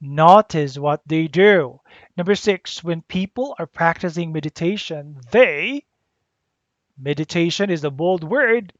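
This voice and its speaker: Teacher, slow deliberate grammar lesson, spells out letters, dull dry lo-fi sound. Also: mid-range voice, no room sound. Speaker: English teacher.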